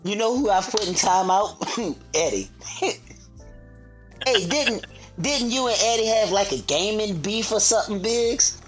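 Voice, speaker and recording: A man's voice: high-pitched, measured pace, a bit bright, faint music behind. A man trading playful trash talk in casual podcast banter, his voice compared to a famous comedian's.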